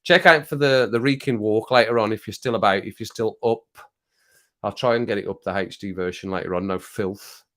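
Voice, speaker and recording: Rambling, lower-voiced male livestream host. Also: fairly quick, fairly bright tone. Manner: rambling, jokey, easily worked up. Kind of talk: casual chat reading viewer comments.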